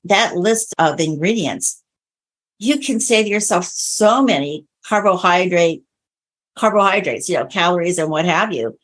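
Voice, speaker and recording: A woman's voice: lowish voice, measured pace. A woman guest who coaches clients on diabetes-friendly meals, talking in a chatty, storytelling way in an interview. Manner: chatty storyteller, animated retellings. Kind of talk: conversational interview.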